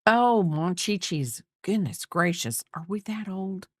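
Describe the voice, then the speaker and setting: A woman's voice: medium pitch, lively intonation, measured pace, no echo, studio quality. A woman in her fifties chatting casually while crocheting on a livestream, rambling and thinking aloud with lots of fillers. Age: 50s.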